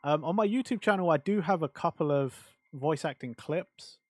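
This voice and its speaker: A male streamer talks casually to his chat, rambling along with plenty of fillers and restarts. His voice sits a little high for a man. The sound is close and dry, with no room echo. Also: normal speed. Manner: chatty and rambling, answers chat with many fillers.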